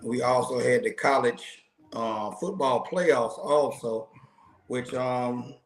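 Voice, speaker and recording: A man's voice: mid-range voice, slow. A man hosting a casual sports podcast, opening with showman-style introductions and teasing his co-hosts. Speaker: podcast host. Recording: echoey room with faint noise.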